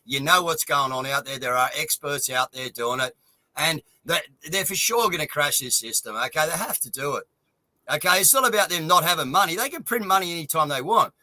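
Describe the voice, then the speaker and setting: A man's voice: a little high, lively intonation, a little fast, bright, forceful tone, rough recording. An Australian man ranting in a casual online chat show, swearing and fired up.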